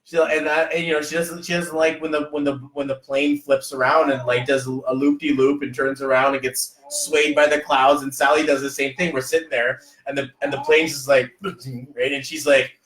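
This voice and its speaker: A man hosting a podcast, chatting casually and motivationally, telling rambling, animated stories full of fillers. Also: medium pitch, normal speed, few pauses, reverberant, low-quality recording. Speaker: podcast host.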